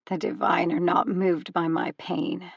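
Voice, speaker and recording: A woman voicing a desperate young mother in an audiobook, tearful and pleading, her voice rough and nervous. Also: lowish voice, measured pace, dry recording, muffled recording, heavily acted. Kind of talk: audiobook character voice.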